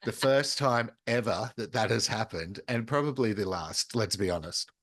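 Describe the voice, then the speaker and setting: A man's voice: on the low side, animated, moderate pace, a bit bright, dry recording. An Australian man co-hosting a podcast in a chatty, playful way, swearing casually. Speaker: podcast co-host. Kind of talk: casual chat.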